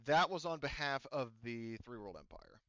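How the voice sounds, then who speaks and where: A man's voice: mid-range voice, expressive, normal speed, a bit bright, dull audio. A man running a tabletop game, explaining the setting loosely with lots of fillers. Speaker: game master.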